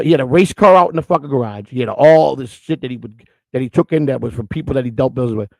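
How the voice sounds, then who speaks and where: A gravelly man from the Chicago area tells a story at a fast clip in profane, rambling street talk. His voice sits a little high and sounds dry and close. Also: darkish tone, dry recording. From Chicago area, USA. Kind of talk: casual storytelling.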